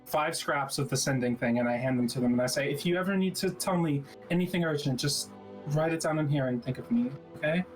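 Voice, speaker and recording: A man playing a tabletop game in character, hesitant and halting, very polite. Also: a little high, soft background music. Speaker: player. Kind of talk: tabletop role-play in character.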